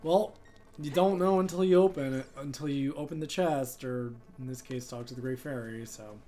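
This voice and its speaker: A man's voice: medium pitch, normal speed, mellow, slight background noise. A man streaming a game live, chatting casually and rambling with many fillers. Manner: rambling, heavy use of "like" and "um". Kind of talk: casual live gameplay chat.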